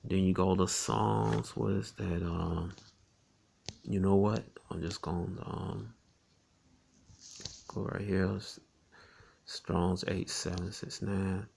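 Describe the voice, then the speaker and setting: A man teaching scripture in a relaxed, conversational way. He often ends phrases with "man" and "all right" and reads verses slowly, with frequent chuckles between lines. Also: low voice, creaky, breathy edge. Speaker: Bible teacher.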